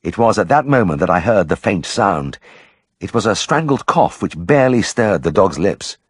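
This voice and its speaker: Male audiobook narrator, deep, husky, dry close sound. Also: big pitch swings, normal speed, no room sound.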